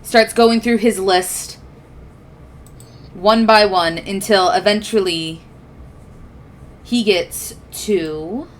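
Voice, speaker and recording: A woman's voice: medium pitch, drawn-out words, long pauses. Woman, game master, tabletop narration, casual, giggly, filler words.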